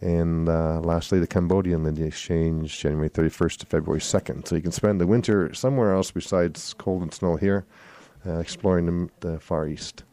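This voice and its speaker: Speaking fairly quickly and with few pauses, a radio host with a low, mellow, steady voice runs through event listings for his swing music show. The announcements are casual and rambling, with self-corrections when he slips.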